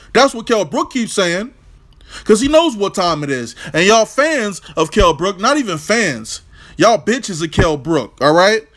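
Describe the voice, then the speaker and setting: A man's voice: high-pitched, sing-song, measured pace, a bit bright. A man hosting an opinionated, profane boxing vlog rant, brash and combative. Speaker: boxing commentator, channel host.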